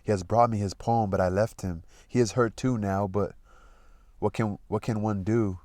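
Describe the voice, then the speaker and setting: A troubled young noblewoman, wistful and restless, as a man reading a novel aloud speaks her lines. The voice sits low and deep, recorded close and dry with no room around it, in the unhurried manner of a book being read aloud. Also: steady tone, a little mellow, no room sound, lightly acted. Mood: earnest.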